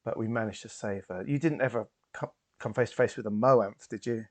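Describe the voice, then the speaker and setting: A man voicing a friendly young woman spacefarer in a tabletop game, speaking in a soft, coaxing way that drops to hushed tones. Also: fairly low pitch, a little fast, natural voice. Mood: confiding.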